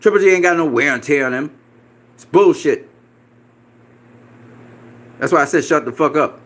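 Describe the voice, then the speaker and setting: A man's voice: a little high, normal speed, fairly bright tone. Profane, combative man ranting. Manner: repeats himself, laughs mockingly. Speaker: boxing commentator. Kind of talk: ranting reaction video.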